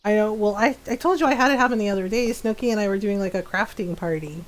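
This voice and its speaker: Speaking quickly in a mid-range voice, this female gaming streamer tells chatty stories, laughing often and performing other people's lines.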